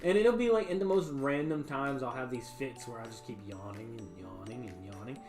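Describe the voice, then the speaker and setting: A man with a drawl chats to his livestream viewers from a foam-lined home bar room. He rambles in a folksy, easygoing way, full of ums and uhs, at an ordinary middle pitch. Faint music plays quietly behind him. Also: a little fast. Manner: rambling, laid-back, folksy, frequent fillers. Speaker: livestream host. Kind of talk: casual chat to a live stream.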